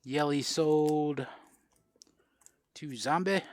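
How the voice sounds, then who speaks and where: A man's voice: fairly high pitch, drawn-out words, dry recording. A man from South Florida hosting a casual live-stream card sale, chatting and answering viewer comments as he goes. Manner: chatty, reads out and answers viewer comments while selling cards.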